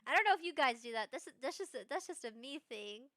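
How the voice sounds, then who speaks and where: A young woman streaming live, chatting in a rambling, bubbly way with bursts of excited squeals. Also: high voice, fast talker, no echo, clean studio sound. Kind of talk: casual live-stream chat.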